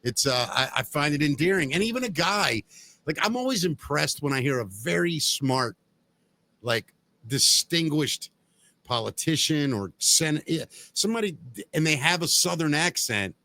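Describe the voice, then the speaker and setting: Bright, animated podcast host man. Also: fairly high pitch, moderate pace. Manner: animated, blunt, jokey. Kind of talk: casual chat.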